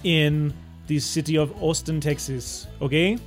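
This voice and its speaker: Male co-host, fake-French bit, slightly high voice, faint music under. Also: steady tone, unhurried. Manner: hammy mock French persona, formal stiff phrasing. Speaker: stream co-host. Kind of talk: joking live-stream banter.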